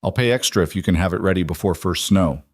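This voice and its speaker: A man voicing a sincere cowboy husband who speaks quietly and plainly. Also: deep voice, fast talker, no room sound, studio quality.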